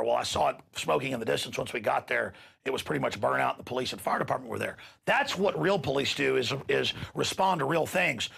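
A man's voice: a little high, vocal fry, fairly bright tone, husky. A man hosting a talk show, giving an impassioned, ranting monologue and acting out quoted exchanges.

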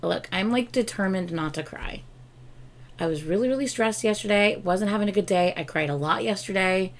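A woman's voice: medium pitch, moderate pace, a little hiss or hum. A tired woman hosting a reaction video, talking casually, swearing freely and singing along.

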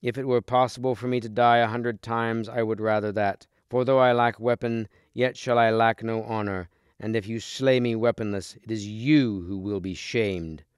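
A man voicing a noble, wounded king who speaks slowly and solemnly, in a storybook reading. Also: fairly low pitch, fairly even intonation, smooth, no echo, studio quality, natural voice. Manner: slow, solemn and measured.

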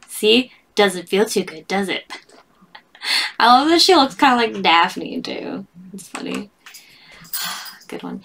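A woman's voice: mid-range voice, unhurried, vocal fry, pauses often, fairly bright tone. A woman casually reading memes aloud and chatting about them, giggling often and joking at her own expense. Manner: giggly, laughs often between comments; self-deprecating, chatty asides. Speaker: meme reader.

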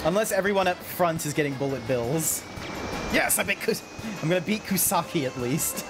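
A playful man chats casually while racing in a game stream, his voice swinging lively up and down. Music plays clearly behind him. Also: fairly high pitch, moderate pace. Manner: playful, giggly, swears casually. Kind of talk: casual chat while gaming.

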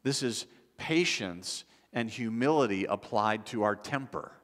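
Low-voiced pastor preaching in a reverberant hall. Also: male voice, lively intonation, a little slow, fairly bright tone. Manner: conversational preaching with frequent restarts and acted quotes. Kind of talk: sermon. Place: church sanctuary. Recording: long church hall reverb.

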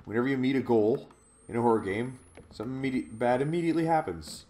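A man's voice: mid-range voice, fast talker, warm tone. A man giving let's play commentary on a horror game, jumpy and jokey, swearing when startled. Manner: jokey, talks to the viewer. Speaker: gaming video host.

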